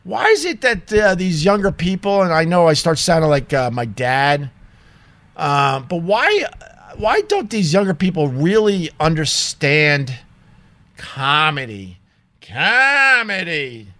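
A man's voice: a little high, very animated, measured pace, a bit bright, no echo. A man in a small home studio telling a story in an indignant, emphatic casual rant, swearing freely. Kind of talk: casual ranting monologue.

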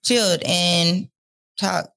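A woman's voice: lowish voice, drawn-out words, creaky, sharp tone. A young adult woman on a podcast, telling her own story candidly with lots of fillers and laughter. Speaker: podcast guest. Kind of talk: casual chat.

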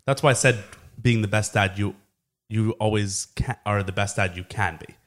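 A young man with a lowish voice trades blunt, teasing remarks on a family podcast. He talks loosely and takes things literally. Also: normal speed, fairly bright tone. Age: young adult. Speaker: podcast co-host, son. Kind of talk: casual family podcast chat.

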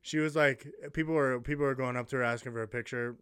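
A man as a podcast guest, chatting casually with relaxed, profane banter. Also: medium pitch, fast, clean tone, no echo. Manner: laid-back, profane banter. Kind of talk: casual chat.

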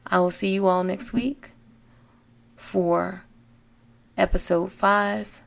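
A woman hosting a faith podcast, speaking in a slow, emphatic, encouraging way. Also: medium pitch, little pitch movement, creaky. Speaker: podcast host. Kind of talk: inspirational faith talk.

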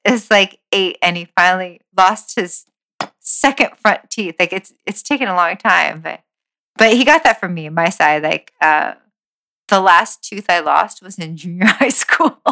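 A woman's voice: on the low side, measured pace, bright, forceful tone. An American woman in her thirties, co-hosting a podcast in casual, giggly chat with lots of fillers. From United States. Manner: giggly, chatty, many "like"s. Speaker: podcast co-host.

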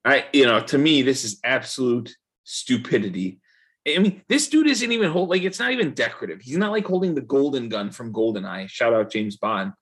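Man, podcast co-host, husky voice, casual rant, profane. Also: mid-range voice, lively intonation, a little fast, fairly bright tone. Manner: loose, profane, ranting delivery. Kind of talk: casual chat.

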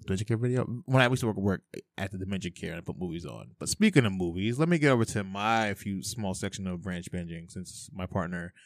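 A man's voice: low voice, expressive, fast, dry recording, studio quality. A young man hosting a casual solo podcast, rambling and swearing as he talks to himself. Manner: rambling, profane, self-talking. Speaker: podcast host. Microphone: headphones with mic.

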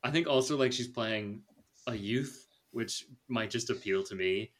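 A young man hosting a casual movie review chat, chatty and animated, laughing often. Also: medium pitch, unhurried. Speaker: podcast host.

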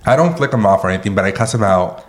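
A man's voice: fairly low pitch, animated, very fast. A man in his thirties, a podcast co-host, ranting casually with swearing, dramatic on purpose, with a lilt. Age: 30s. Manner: rants and swears, jokingly dramatic. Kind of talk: casual chat.

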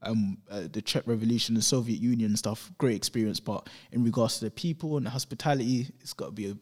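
A man's voice: on the low side, fast talker. A man from London telling travel stories in a casual chat, acting out the voices of the people he quotes. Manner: animated storyteller who acts out quoted voices.

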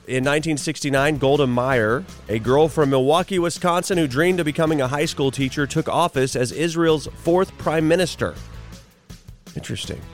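Chatty morning radio host. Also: male voice, medium pitch. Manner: chatty asides and quick jokes between items. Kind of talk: radio show reading facts, ads and headlines.

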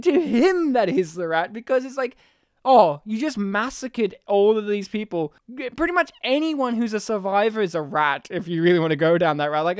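An Australian man riffing on a film in casual podcast banter. His voice is smooth and clear, recorded close and dry, and his delivery is loose, animated and full of laughter and swearing. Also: sits high, no room sound. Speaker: podcast co-host. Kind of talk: casual movie-review chat.

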